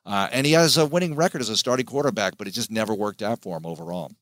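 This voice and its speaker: A man, a sports play-by-play announcer, giving an animated, emphatic interview as a podcast guest. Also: lowish voice, fast, dry recording.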